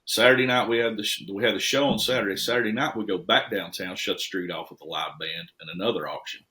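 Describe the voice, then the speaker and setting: A man's voice: on the low side, fast talker, sharp tone. A middle-aged man from Tennessee, a podcast guest who rambles and repeats words as he tells stories in casual chat. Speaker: guest, restoration shop owner.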